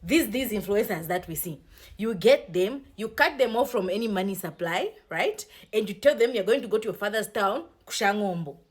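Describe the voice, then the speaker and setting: A woman's voice: medium pitch, lively intonation, moderate pace, husky. A woman giving a casual book review, retelling the story in a chatty, dramatic way with mixed-language asides.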